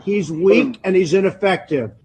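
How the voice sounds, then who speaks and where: A male politician speaks bluntly and assertively. His voice is high and gravelly, and faint noise sits behind it. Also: lively intonation, moderate pace, darkish tone. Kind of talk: political speech.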